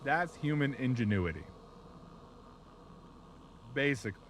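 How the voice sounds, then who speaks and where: A man chatting casually on a live stream, telling a story in a profane, rambling, animated way. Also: mid-range voice, measured pace, a little hiss or hum.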